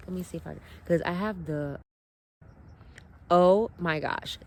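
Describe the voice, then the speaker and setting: Rambly excited woman vlogging on her phone outside by the water, kinda lowish voice, keeps saying sorry. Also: a little fast. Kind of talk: casual rambling storytelling. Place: outdoors by water at sunset. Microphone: phone held above the water.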